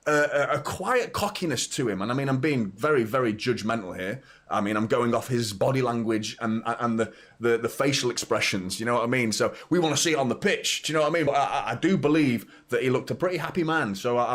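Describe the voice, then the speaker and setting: A young man chats on a live football watchalong, greeting viewers one by one. His voice sits at an ordinary middle pitch, and his talk is loose and unscripted, with plenty of restarts and repeated words. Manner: chatty, reads out viewer comments, stumbles and repeats words. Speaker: football channel host. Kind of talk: live stream watchalong chat.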